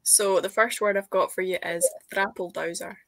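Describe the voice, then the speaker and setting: A woman's voice: on the low side, moderate pace, no echo. Scottish woman with a central belt accent. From Scotland. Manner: animated, mixes Scots words into English. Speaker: guest, Scots language poet. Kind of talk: casual conversation.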